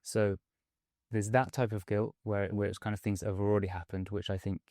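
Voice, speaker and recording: A man speaking as a coaching guest in a podcast interview, measured and hedging, often saying "sort of" and "kind of" as he explains. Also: on the low side, flat delivery, darkish tone, dry recording, studio quality. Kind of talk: conversational interview.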